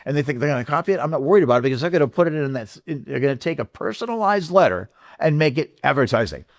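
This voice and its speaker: Talking very fast with lively intonation and a fairly high voice, a man guesting on a business interview lays out his sales approach in earnest. He's a dealership marketing consultant who often restarts, goes over the same points, and performs sample sales letters in a casual conversational style.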